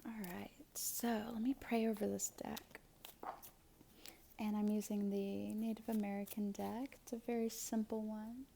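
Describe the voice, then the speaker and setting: A woman giving a spiritual tarot reading and prayer in a soft, often half-whispered voice, her mouth a little swollen after dental work. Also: mid-range voice, level tone, a little slow, vocal fry, slight background noise. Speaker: tarot reader and astrologer.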